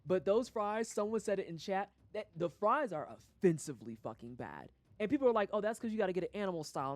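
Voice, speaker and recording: Brief: woman streamer from St. Louis, profane animated rant, very expressive pitch. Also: no room sound. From St. Louis, USA. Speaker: livestreamer. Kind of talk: casual rant on a gaming stream.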